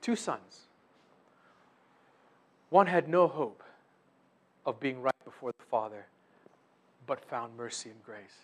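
A man preaching a sermon, swinging between loud emphatic bursts and soft drops, and acting out imagined prayers and voices. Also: medium pitch, lively intonation, slow pace, long pauses. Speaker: pastor.

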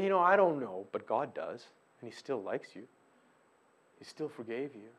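A middle-aged man preaching a sermon as a pastor, swinging between loud emphasis and hushed, quiet stretches. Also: mid-range voice, very animated, normal speed, highs cut off.

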